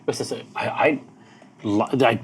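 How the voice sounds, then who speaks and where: A man's voice: medium pitch, slow, slight background noise, close to an everyday voice. A man voicing a defensive, pompous shop proprietor who insists on his own legality. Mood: flustered. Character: defensive, pompous male snack shop owner.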